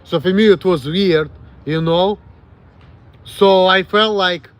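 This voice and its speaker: A man in his late thirties with a Russian accent, rambling frankly and with plenty of swearing as he answers viewers on a livestream. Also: sits high. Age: late 30s. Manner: rambling, frank, profane, halting self-corrections. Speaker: streamer.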